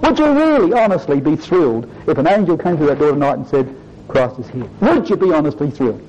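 A man's voice: on the high side, very animated, fast, darkish tone. A man preaching a sermon to his congregation, earnest and emphatic, often addressing them as brothers and sisters. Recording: dull lo-fi recording.

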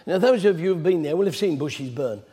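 A man with a fairly high, fairly quick voice preaches a sermon, retelling scripture stories in an animated, chatty storyteller manner. Long hall reverb colors the recording.

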